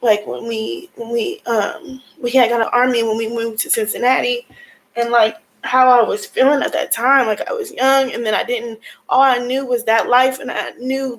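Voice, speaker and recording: A woman's voice: on the high side, fairly even intonation, normal speed, fairly bright tone, poor audio. A young adult woman venting in an emotional personal vlog, frustrated and tearful, at times crying as she talks. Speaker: vlogger.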